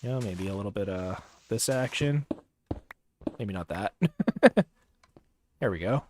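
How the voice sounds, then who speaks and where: A young man talking casually as he plays a game on a livestream, relaxed and rambling with many fillers and pauses. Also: on the low side, slight background noise. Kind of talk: casual gameplay commentary.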